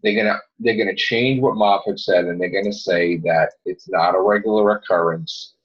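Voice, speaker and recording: A man's voice: low-pitched, steady tone, moderate pace, husky. A man hosting a casual podcast, ranting heatedly and swearing a lot. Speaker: podcast host. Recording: dull lo-fi podcast audio.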